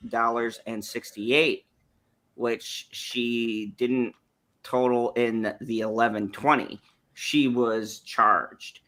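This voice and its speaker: A man's voice: mid-range voice, fairly bright tone. A man hosting a casual podcast, reading articles aloud and laughing often. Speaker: show host reading news articles.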